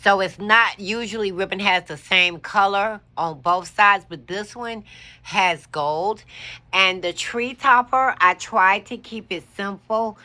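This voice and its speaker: A woman's voice: mid-range voice, pushed and bright. A woman giving a chatty show-and-tell walkthrough of her decorated bedroom, explaining things as she points them out. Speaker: home decor vlogger.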